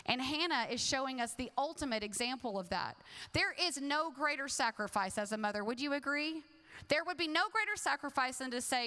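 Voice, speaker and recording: A woman's voice: sits high, animated, normal speed, sharp tone, in a large hall. A woman pastor preaching a sermon in a conversational, humorous way, acting out quotes.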